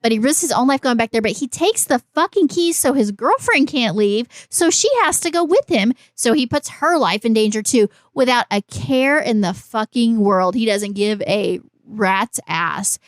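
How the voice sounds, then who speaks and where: A woman's voice: on the high side, lively intonation, normal speed, few pauses, no echo, studio quality. A woman co-hosting a horror podcast, talking in a teasing, argumentative and profane way. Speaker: podcast co-host. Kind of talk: casual chat.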